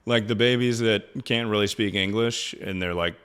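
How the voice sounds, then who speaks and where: A man with a fairly low voice hosts his own livestream and talks straight into a streaming mic. His delivery is loose and joking, and he swears freely as he reacts to his chat. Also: moderate pace, a bit bright, clear, resonant tone. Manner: loose, joking, swears often, drawls "dude".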